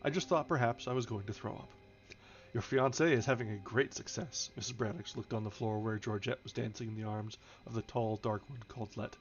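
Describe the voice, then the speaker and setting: Man reading a novel over soft music. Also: fairly low pitch, fairly quick. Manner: steady reading with small restarts, light character voices. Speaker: audiobook reader, streamer. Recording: slightly dull home stream audio with soft background music. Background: faint background music.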